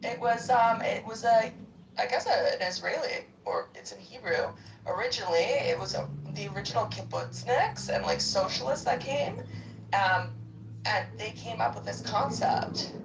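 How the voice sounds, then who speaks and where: A woman in casual group chat, talking in a blunt, crude and animated way. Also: on the high side, moderate pace, creaky, background noise. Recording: roomy, distant mic.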